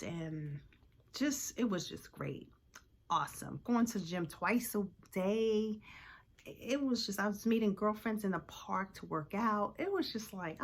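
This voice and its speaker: A woman in her forties shares her story in an unhurried, earnest way, pausing on fillers as she thinks. Her voice sits in an ordinary middle pitch. A faint background hiss runs under the recording. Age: 40s. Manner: earnest, reflective, many fillers. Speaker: vlogger. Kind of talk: personal motivational talk to camera.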